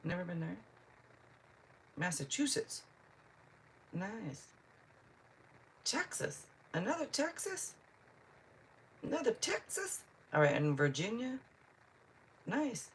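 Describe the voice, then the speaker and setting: A woman's voice: medium pitch, sing-song, slow pace, pauses often, slight background noise. A woman from Seattle, a tarot reader on a live stream, chatting casually and answering viewers' comments one by one. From Seattle, Washington. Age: adult.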